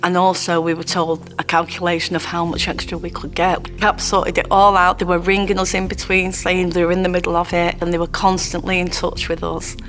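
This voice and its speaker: A woman telling her own story in a heartfelt, halting way. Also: on the low side, flat delivery, a bit bright, soft background music. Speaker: interviewee sharing her story. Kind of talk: personal testimony.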